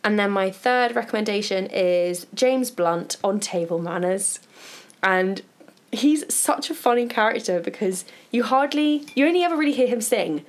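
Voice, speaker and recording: A woman's voice: medium pitch, lively intonation, moderate pace. A woman co-hosting a podcast, chatting casually and recommending books and podcasts in a conversational, thinking-aloud way. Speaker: podcast co-host.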